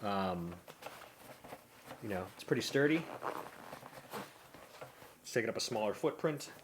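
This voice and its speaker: A man's voice: fairly low pitch, animated, a little slow, slight background noise. A man, a comedian, casually narrating his own vlog, muttering and joking at himself while he fiddles with gear in a hotel room. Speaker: comedian and vlogger.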